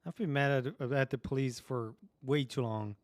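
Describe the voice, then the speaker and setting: Brief: male streamer, mid-pitched, laid-back and dry, close and dead sound. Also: moderate pace, no echo. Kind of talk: live game stream chat.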